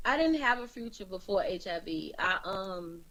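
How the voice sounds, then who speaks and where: A woman's voice: medium pitch, fairly bright tone, rough recording. A woman from Chicago in her thirties, a guest speaking candidly about her life in an interview. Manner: candid, plain-spoken, laughs easily. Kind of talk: interview, sharing her story.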